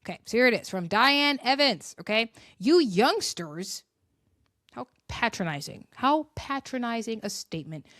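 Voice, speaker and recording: A young woman delivers a heated, sarcastic political rant in a fairly high voice. Her tone is emphatic and pointed. The sound is dry and close, with no room around it. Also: lively intonation, moderate pace, hardly any pauses, pushed and bright, no echo. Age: young adult. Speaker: commentary vlogger.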